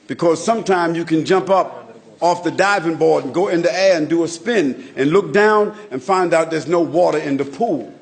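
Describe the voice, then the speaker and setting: A man with a high-pitched voice delivers a religious lecture. He speaks emphatically, like a preacher, and builds his points through repetition. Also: normal speed, vocal fry. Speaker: Islamic lecturer.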